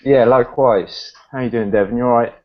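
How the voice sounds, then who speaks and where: A man's voice: medium pitch, steady tone, fairly quick. A man from Northamptonshire with an English accent, chatting on a video call in a friendly, laughing, self-effacing way. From England. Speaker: caller, guest. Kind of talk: casual video call chat. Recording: dull lo-fi call audio.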